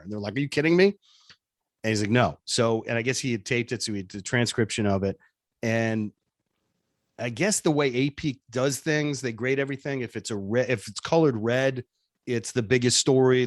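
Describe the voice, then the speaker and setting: A radio personality being interviewed, telling a story casually and acting out the dialogue in voices. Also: male voice, medium pitch, dry recording, studio quality. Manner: animated, laughing, acts out dialogue in voices. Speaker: radio show personality, guest.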